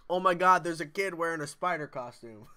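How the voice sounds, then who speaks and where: A man's voice: a little high, a little fast, pushed and bright, clean tone. A young man hosting a livestream, chatting casually and reading viewer comments aloud in a jokey way. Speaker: livestream host.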